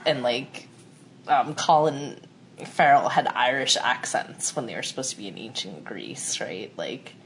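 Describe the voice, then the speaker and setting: A woman co-hosting a podcast in casual chat, animated and teasing, with quick laughs. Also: a bass voice, slight background noise, low-quality recording. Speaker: podcast co-host.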